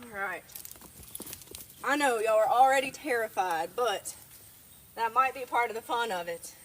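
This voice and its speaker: A woman's voice: fairly high pitch, a little slow, slight background noise. A woman hosting a casual livestream, affectionately greeting viewers as darling. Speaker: livestream host.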